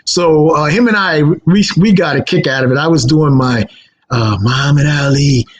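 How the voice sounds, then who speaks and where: A man telling radio stories in a casual, animated way, acting out the quotes. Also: fairly high pitch, normal speed, rough recording. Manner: animated anecdotes with acted quotes. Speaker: radio guest. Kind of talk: casual storytelling.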